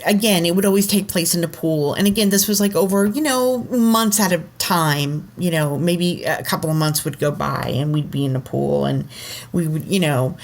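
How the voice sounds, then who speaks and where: A woman with a slightly low voice telling a personal story on a podcast. She rambles, full of "you know" and "um", and slips into the voices of the people she quotes. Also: moderate pace. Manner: rambling, filler-heavy, acts out quoted voices. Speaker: podcast co-host, intuitive.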